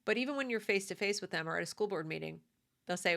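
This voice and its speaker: A woman's voice: mid-range voice, animated, quick pace, creaky, a bit bright, a little hiss or hum. A woman delivering a conversational opinion monologue, emphatic and prone to repeating her points. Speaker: commentator.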